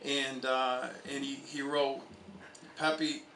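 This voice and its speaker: A man's voice: mid-range voice, flat delivery, takes it slowly, pushed and bright, reverberant, recorded from a distance, a little hiss or hum, rough recording. A man, a college soccer coach, telling stories at an outdoor memorial speech. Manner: anecdotal storytelling, with chuckles. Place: outdoor stadium.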